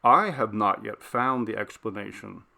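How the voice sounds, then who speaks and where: A man narrating a classic ghost story in the first person, measured and deliberate. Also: lowish voice, gravelly, sharp tone. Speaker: narrator, audiobook reader.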